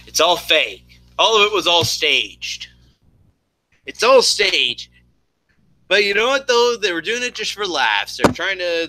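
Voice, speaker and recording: Streamer type: man with a high, piercing voice, chatty and rambling. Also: sharp tone, no echo, poor audio. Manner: rambling, lots of fillers and restarts. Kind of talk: casual chat.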